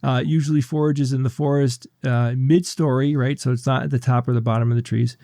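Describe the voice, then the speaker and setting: A man hosting a podcast segment in a relaxed casual chat, reading listener emails and laughing often. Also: medium pitch, brisk, dry recording, clean studio sound.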